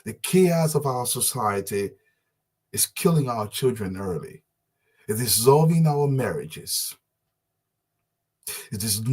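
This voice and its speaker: A man from Liberia, giving an impassioned live-stream address as a community advocate, with emphatic, repetitive rallying oratory. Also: medium pitch.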